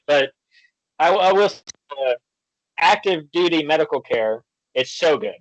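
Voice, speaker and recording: A man guest on a podcast, chatting casually and telling animated stories, acting out the quoted back-and-forth. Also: a little high, measured pace, no echo, dull audio. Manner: storytelling, animated, acts out quoted exchanges. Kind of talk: casual chat.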